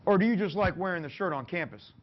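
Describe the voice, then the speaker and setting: A football coach giving a clinic talk to other coaches in a meeting room, plain-spoken, folksy and joking. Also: male voice, high-pitched, fast talker. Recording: dull lo-fi recording.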